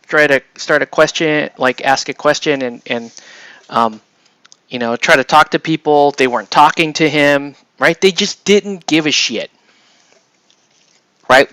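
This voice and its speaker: Bright-voiced man telling a rambling story. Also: on the high side, no room sound. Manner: rambling, many restarts and "right?" tags. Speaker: painting streamer telling a story. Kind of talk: casual storytelling chat. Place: home hobby room.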